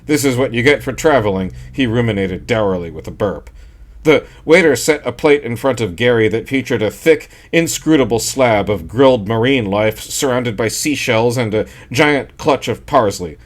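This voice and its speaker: A man reads a short story as an audiobook narrator, using a dry, steady storytelling style. His voice is mid-range and his pace moderate in this scripted narration.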